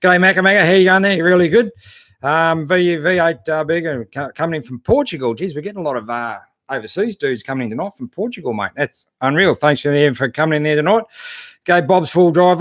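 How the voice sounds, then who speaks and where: Hosting a relaxed 4WD channel stream, an Australian man goes through viewer comments with easygoing, mate-to-mate chatter and plenty of fillers. He talks fairly quickly in a slightly high, fairly bright voice, with clean studio sound and no room tone.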